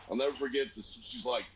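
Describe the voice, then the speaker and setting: A man co-hosting a casual chat, telling family stories with lively put-on voices. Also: dull audio, slight background noise. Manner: animated storyteller, squeaky voice for grandma. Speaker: podcast co-host.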